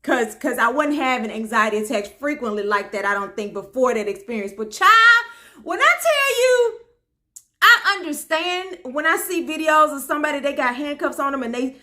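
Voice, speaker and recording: A woman from Memphis, telling a funny personal story to her viewers in an animated, folksy way. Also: high-pitched, moderate pace. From Memphis, Tennessee. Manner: animated, talks straight to viewers with folksy asides. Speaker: storyteller host.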